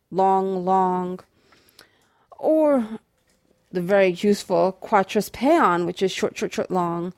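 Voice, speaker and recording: A woman's voice: mid-range voice, darkish tone, dry recording, studio quality. A woman teaching writing, explaining patiently with small restarts and tapping out rhythms as she goes. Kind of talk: explanatory lecture on prose rhythm.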